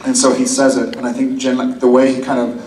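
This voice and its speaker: Panel guest, male, relaxed storyteller; distant mic, roomy hall. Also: mid-range voice, fast talker. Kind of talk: telling an anecdote on stage. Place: convention hall stage. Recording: echoey hall, far from the mic, noisy.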